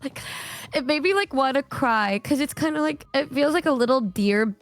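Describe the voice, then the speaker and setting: A young woman streamer in casual chat, relaxed, swearing freely and leaning on fillers. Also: sits high, moderate pace. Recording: dry close sound with faint music.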